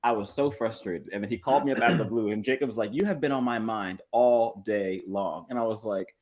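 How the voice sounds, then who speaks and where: A man telling a heartfelt family story on a podcast, acting out the voices in it as he goes. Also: on the low side. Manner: fast and expressive, acts out the voices in his story. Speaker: podcast co-host, one of the brothers. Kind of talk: casual storytelling among brothers.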